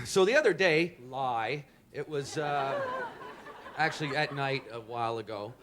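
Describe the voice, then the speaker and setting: A young man doing a rambling, self-deprecating stand-up set, bursting into loud shouted impressions. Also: mid-range voice, animated, a little slow. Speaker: stand-up comedian. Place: comedy stage before a live audience. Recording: live club with audience laughter and noise.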